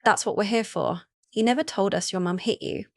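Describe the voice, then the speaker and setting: A woman reading the lines of a gentle young male werewolf twin in a storybook, soft and reassuring. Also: mid-range voice, a little fast, no echo, natural voice. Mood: tender.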